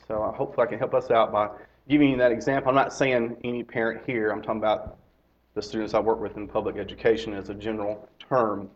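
A man's voice: on the low side, flat delivery, fast, slight background noise. A middle-aged man giving a conversational sermon to his congregation. He repeats his key phrases and asks his listeners direct questions. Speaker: lay preacher and teacher. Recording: slightly dull lo-fi recording.

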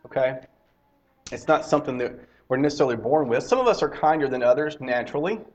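A man's voice: mid-range voice, quick pace, darkish tone. A middle-aged man giving a conversational sermon to his congregation. He repeats his key phrases and asks his listeners direct questions. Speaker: lay preacher and teacher. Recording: slightly dull lo-fi recording.

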